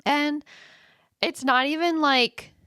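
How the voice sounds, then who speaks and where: A candid woman hosts a solo podcast in a loose, chatty way, full of fillers and self-deprecating asides. Her voice sits a little high, and the recording is close and dry, with almost no room sound. When she quotes her own thoughts she swings into big dramatic tones. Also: fairly even intonation, takes it slowly, sharp tone, no echo. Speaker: podcast host. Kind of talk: casual solo podcast monologue.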